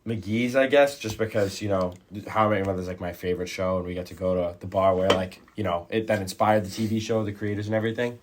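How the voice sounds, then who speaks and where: A young man chatting as a guest in a college radio studio, relaxed and a bit hesitant. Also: sits low, quick pace, hardly any pauses, background noise. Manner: relaxed, thoughtful, hesitant with ums. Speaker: podcast guest. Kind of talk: casual chat.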